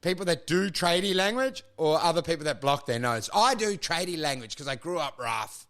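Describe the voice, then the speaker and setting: A man co-hosting a comedy podcast, talking in loud, mocking banter full of swearing and put-on voices. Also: a little high, expressive, brisk, crowd noise. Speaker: podcast co-host.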